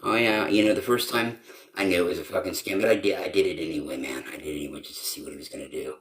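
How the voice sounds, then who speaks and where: A man talks on his own live stream in a loose, rambling way. His voice sits low and deep, and he swears casually as he acts out what other people said in his stories. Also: steady tone, racing, a bit bright. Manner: rambling, profane storytelling with acted-out quotes. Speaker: channel host.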